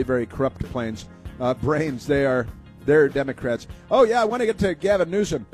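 A man's voice: a little high, a little mellow. A man hosting a political talk radio show, mocking and rambling with lots of fillers.

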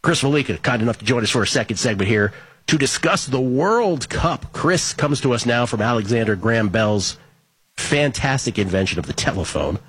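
A man's voice: mid-range voice, lively intonation, slightly rough, no room sound. A man hosting a sports betting show, reading listener tweets aloud in a casual, wry, joking way. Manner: wry, joking, reads names and stats quickly.

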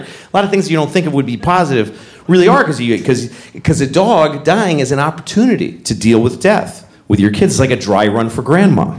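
A middle-aged man doing stand-up comedy, telling stories and acting out characters with big jumps in his voice. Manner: animated storytelling, acts out characters with big pitch jumps. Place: comedy club stage with audience. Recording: roomy live venue with noise.

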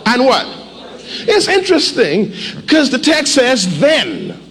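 A male pastor preaching a sermon, animated, with call-and-response and sudden shouts, in a church. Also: very high voice, slow pace. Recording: echoey hall, faint ambience.

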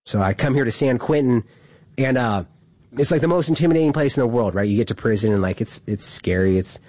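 A man telling a prison story in a loose, rambling way, full of "like" and quick laughs. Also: medium pitch, animated, a little mellow, no echo. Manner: rambling, heavy use of "like", laughs through story. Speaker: incarcerated storyteller. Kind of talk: casual storytelling.

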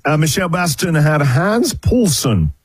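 A man's voice: fairly high pitch, very animated, measured pace, husky, no room sound. A man hosting a radio show, chatting casually and jokily and laughing often at his own bits. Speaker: radio host. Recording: music bed playing loudly behind.

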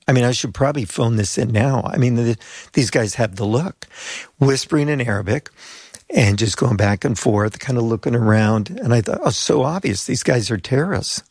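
A man's voice: medium pitch, moderate pace, darkish tone, dry recording, clean studio sound. An older man, a pastor and mission leader from the United States, telling stories as an interview guest and acting out the voices of people he quotes. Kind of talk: storytelling interview.

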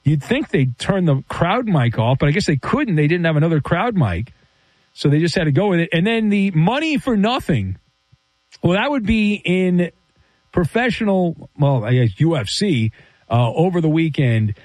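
Man, sports talk radio host, opinionated, rambling, high voice, dry close sound. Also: expressive, moderate pace, a little mellow, no echo.

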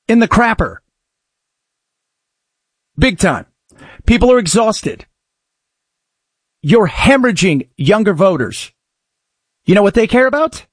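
A sarcastic man hosting talk radio, his voice sitting high and swinging widely in pitch. He rants in an opinionated monologue and mocks with shouted bits. The sound is dry and close. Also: dry recording. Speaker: radio talk show host.

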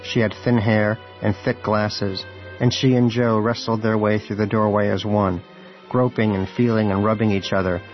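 Man narrating an audiobook, low voice, dry wry delivery, dull lo-fi sound, faint music. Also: level tone, moderate pace.

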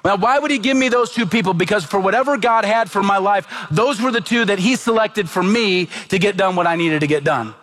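A man's voice: high voice, fairly quick, hardly any pauses, fairly bright tone. A middle-aged man preaching a sermon as pastor, earnest and emphatic, asking the congregation rhetorical questions.

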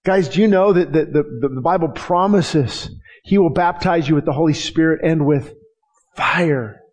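Brief: middle-aged male pastor, fervent sermon delivery, slightly high voice. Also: normal speed, darkish tone. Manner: passionate, with dramatic quoted prayers and frequent restarts.

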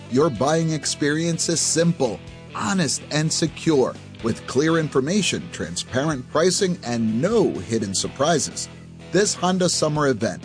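A man reading a car dealership radio ad in an upbeat, brisk way. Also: a little high. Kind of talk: scripted radio ad.

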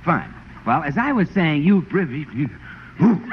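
A man in 1940s radio comedy as the show's announcer, brash, booming and salesman-like. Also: big pitch swings, normal speed. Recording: muffled old radio broadcast with hiss.

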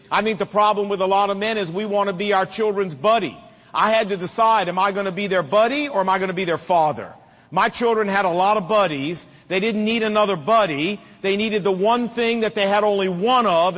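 Middle-aged preacher, high-pitched and emphatic, reverberant hall. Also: male voice, a bit bright. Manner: emphatic, repetitive preaching cadence. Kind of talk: sermon.

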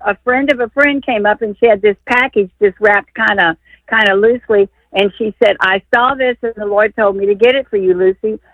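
An older woman calls in to a radio show, excited and rambling as she tells her story. Her voice comes through a tinny phone line. It sounds dry, with no room behind it. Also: mid-range voice, dry recording. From Texas. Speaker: caller. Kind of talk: call-in radio talk.

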